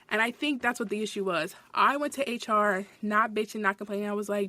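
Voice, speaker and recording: A woman's voice: mid-range voice, fairly even intonation, a little fast, few pauses, bright, forceful tone, no echo. A young woman podcast host telling a story in a casual, blunt rant, swearing often and saying "like" a lot. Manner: blunt and profane, heavy filler "like".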